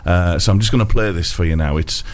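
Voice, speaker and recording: A man's voice: low voice, fast. A man joining a radio chat show, setting up a bit in a teasing, mock-solemn way. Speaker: radio contributor. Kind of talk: casual radio banter.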